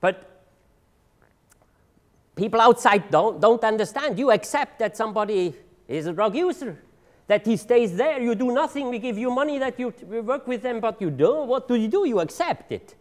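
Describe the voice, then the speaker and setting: Animated man giving a talk. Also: very high voice. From Switzerland. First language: German. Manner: halting, repeats words, searches for English words. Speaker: drug treatment agency leader giving a seminar talk. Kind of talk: conference presentation. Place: seminar room.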